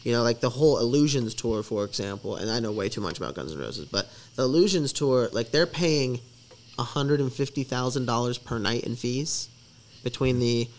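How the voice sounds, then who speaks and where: Young male musician guest, stoned, casual podcast talk, excitable and profane. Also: mid-range voice, normal speed. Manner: excitable, swears freely, trails off and restarts.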